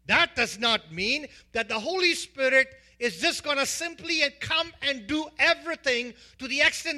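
A man's voice: extremely high pitch, lively intonation, normal speed, few pauses, bright, forceful tone. A man preaching a sermon as pastor, emphatic, repeating lists of words and asking the congregation questions.

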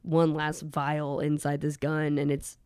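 A woman's voice: deep voice, monotone, a little slow, darkish tone, smooth, no echo, clean studio sound. A woman, host of a podcast, chatting casually as she recaps a movie plot and laughs along with her guest. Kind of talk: casual chat.

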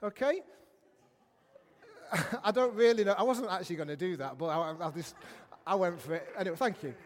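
A man with a notably high voice delivers a sermon to a congregation. He is chatty and pokes fun at himself, drifting into asides. His voice rings out with a long hall reverb. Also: normal speed. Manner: chatty, self-mocking, with many asides. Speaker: preacher. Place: church hall.

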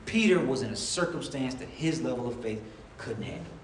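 A man's voice: mid-range voice, animated, a little fast, slight background noise. A man preaching a sermon in a conversational way, often acting out the voices of the people in his stories. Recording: echoey room, voice from a distance, faint ambience.

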